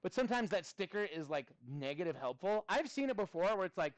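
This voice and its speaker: A man in his thirties leads a classroom math lesson, his pitch riding high and swinging widely as he jokes with students. The sound is dry and close, with little room echo. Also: fast. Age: 30s. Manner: animated, playful, chatty with students. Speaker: math teacher.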